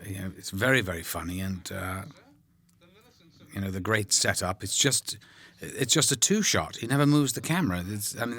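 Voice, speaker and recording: Deep-voiced man, rambling anecdotes. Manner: rambling, warm anecdotes, frequent ums, drops to whispers. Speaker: actor on a film commentary. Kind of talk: relaxed commentary chat.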